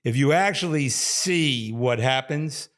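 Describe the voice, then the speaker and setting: A man's voice: mid-range voice, slow. An older man from New York, a former athletic trainer, telling stories in a casual interview and laughing often between his sentences. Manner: animated storyteller, laughs often mid-sentence.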